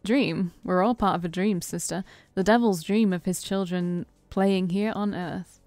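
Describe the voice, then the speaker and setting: A woman voicing a smug, theatrical male vampire who talks slowly and emphatically, like a preacher. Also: fairly low pitch, steady tone, darkish tone, no room sound, soft background music, close to an everyday voice. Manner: slow, emphatic, knowing.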